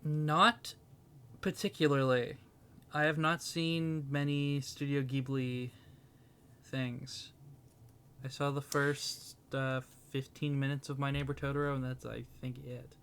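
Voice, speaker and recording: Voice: medium pitch, level tone, slow pace, a bit bright. Laughing podcast co-host, faint hiss. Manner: laughs often, rambling storyteller. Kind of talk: casual chat.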